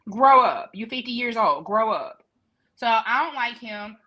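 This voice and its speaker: A woman's voice: a little high, unhurried, bright, forceful tone, dull audio. A woman co-hosting a casual talk show, reviewing soap episodes with blunt, sassy, profane banter. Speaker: podcast co-host. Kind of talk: casual chat.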